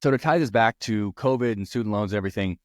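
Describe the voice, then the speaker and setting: A man's voice: on the low side, fast, no room sound, clean studio sound. A young man hosting a podcast, earnestly telling personal stories in a rambling way with restarts. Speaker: podcast host. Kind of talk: personal storytelling.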